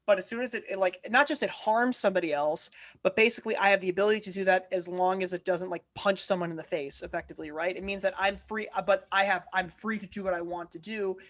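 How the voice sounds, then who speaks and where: A woman co-hosting a political discussion podcast, talking in an impassioned, argumentative way and often restarting her sentences. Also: medium pitch. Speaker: podcast co-host.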